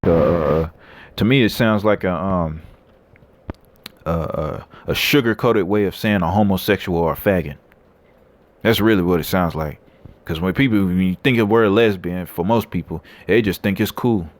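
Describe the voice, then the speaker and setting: A man's voice: sits low, normal speed. A man preaching and reading scripture aloud, blunt and coarse, tagging lines with "man" and "all right". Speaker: street preacher.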